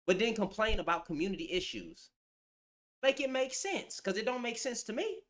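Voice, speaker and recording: A man's voice: high-pitched, lively intonation, normal speed, a bit bright. A man ranting to camera in blunt, slang-heavy commentary, calling people out. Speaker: vlogger.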